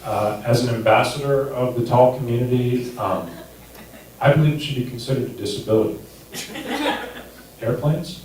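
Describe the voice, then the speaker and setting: Guy in his 30s doing standup, deadpan and crude, sounds way off in a super echoey room with some hiss. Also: mid-range voice, moderate pace, long pauses. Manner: deadpan, crude, self-deprecating. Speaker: stand-up comedian. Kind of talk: stand-up set. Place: comedy club stage. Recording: echoey distant room recording with noise.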